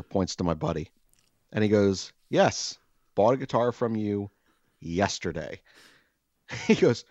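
Animated storytelling man with a low voice. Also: slow, long pauses, no echo, lo-fi sound. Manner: animated storyteller who acts out quoted voices and laughs a lot. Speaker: podcast co-host. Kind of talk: casual storytelling chat.

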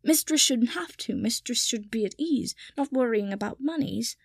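A woman's voice: fairly high pitch, animated, normal speed, creaky, slightly rough, no echo, clean studio sound, exaggerated voice. A woman voicing a dour old male house-elf servant who speaks primly and formally about himself in the third person. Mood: fretful.

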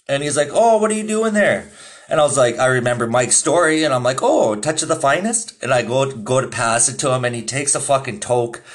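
A young man hosting his own podcast, telling a rambling, profane story in casual chat and laughing often. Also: mid-range voice. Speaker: podcast host.

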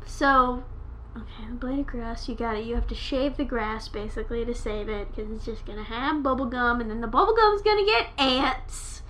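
A woman's voice: a little high, moderate pace, fairly bright tone, a little hiss or hum. A woman co-hosting a podcast in casual chat, rambling and swearing playfully, with hiccups. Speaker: podcast co-host.

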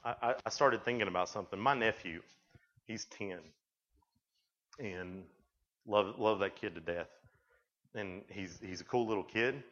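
A man's voice: lowish voice, a little slow, pauses often, fairly bright tone. A man speaking to a youth camp, telling stories in a rambling way with frequent restarts. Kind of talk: sermon. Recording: dull lo-fi recording.

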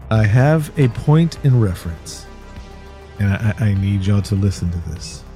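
A man in his forties, a podcast co-host who tells stories in casual movie chat, animated and profane. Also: lowish voice.

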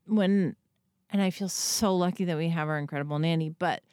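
A woman's voice: lowish voice, brisk, darkish tone, clear, resonant tone, no room sound, studio quality. A woman in her thirties telling a long, rambling, self-deprecating story in casual chat, swearing freely and acting out what people said. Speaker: podcast guest or co-host telling a story.

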